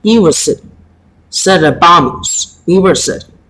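A man teaching a Latin lesson, speaking haltingly with many pauses and fillers. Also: high voice, expressive, a bit bright, a little hiss or hum, low-quality recording. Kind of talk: slow home-made lesson.

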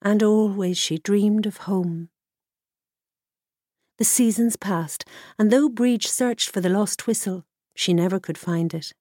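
A woman's voice: mid-range voice, no echo. Woman narrating a folktale, dry sound. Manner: measured and expressive. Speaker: audiobook narrator. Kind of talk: scripted storybook narration.

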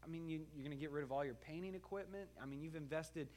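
A man's voice: fairly high pitch, fast talker, darkish tone, pitched above the performer's own voice, lightly acted. A man doing a worried young fiancée. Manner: pleading, alarmed.

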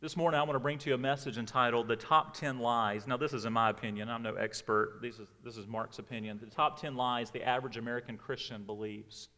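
Pastor preaching in a reverberant church. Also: male voice, medium pitch, fast talker, hardly any pauses. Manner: animated storytelling, acts out family members in raised voice. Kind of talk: sermon with personal story. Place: church sanctuary. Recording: long reverb of a church hall.

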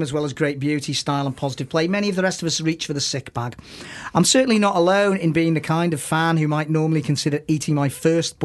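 Wry, slightly high-voiced man on radio. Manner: wry, sardonic, rambling with restarts. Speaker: regular comic contributor. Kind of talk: comic radio segment with a recited poem.

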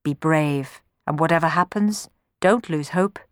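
A woman's voice: deep voice, unhurried, dry recording, clean studio sound. A woman voicing a male god of love who gives advice with cheerful encouragement in a storybook reading. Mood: encouraging. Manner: warm, encouraging.

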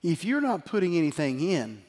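A middle-aged man preaching a sermon as pastor, emphatic, swinging from loud declarations to quiet storytelling. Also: a little high, very animated, normal speed. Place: church sanctuary. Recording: long hall reverb with faint music.

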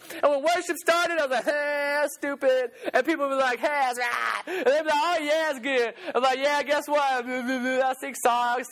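A young male preacher, his voice high for a man, delivers a loud, animated sermon. He breaks into laughs between his points.

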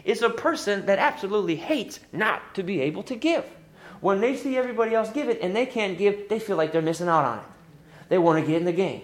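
A middle-aged man preaching a sermon as pastor, lively and emphatic, pushing up into high exclamations. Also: quick pace. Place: church sanctuary. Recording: echoey church room.

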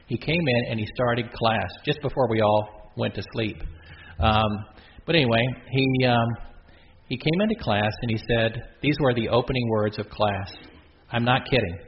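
Chatty middle-aged priest preaching. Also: male voice, medium pitch, normal speed. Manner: chatty, self-interrupting, with joking asides. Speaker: Catholic priest. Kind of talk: conversational sermon. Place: church. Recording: muffled lo-fi with faint hiss.

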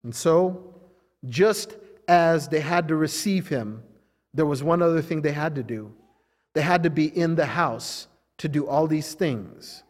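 A male pastor preaching to his congregation in a fairly high voice. He drives points home with repetition, building up and then dropping low. The sound carries a long reverb like a church hall. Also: a little slow. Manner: emphatic preaching with repetition, rising and falling intensity. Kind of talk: sermon. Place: church service.

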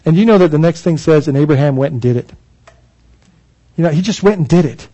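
Reading scripture and unpacking it with earnest emphasis, this pastor frequently starts his phrases over. He speaks fast in an expressive, mellow voice on the high side, captured in a muffled recording.

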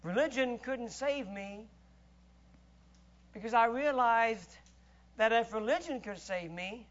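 A man preaching a sermon in a church, emphatic and rhetorical, swinging between loud declarations and hushed asides. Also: extremely high pitch, slow pace, dull audio.

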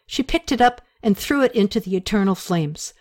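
A woman narrates an audiobook chapter at a medium pitch. She tells the story in a steady, expressive way. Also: normal speed.

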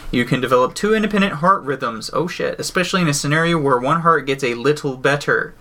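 A man's voice: on the high side, quick pace, sharp tone. A man co-hosting a casual podcast, reading news items aloud and riffing on them with jokes and swearing. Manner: jokey, swears, reads news then riffs. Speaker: podcast co-host.

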